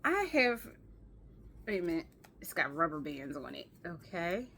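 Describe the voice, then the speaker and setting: A young woman vlogging an unboxing in a casual, excitable way, swearing freely and gushing over what she finds. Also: fairly low pitch, normal speed, breathy edge. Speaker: fashion vlogger. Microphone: camera with ring light.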